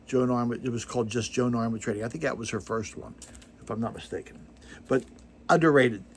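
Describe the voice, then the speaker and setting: A man's voice: medium pitch, fairly quick, slight background noise. An older man hosting a vinyl record channel, chatting casually to camera in a rambling, self-deprecating way, full of digressions and fillers.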